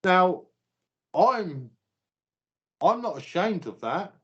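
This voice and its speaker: British man, fairly high voice, emphatic lecturing chat, muffled audio. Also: sing-song, drawn-out words. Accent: British English. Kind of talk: casual podcast chat. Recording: slightly muffled podcast audio.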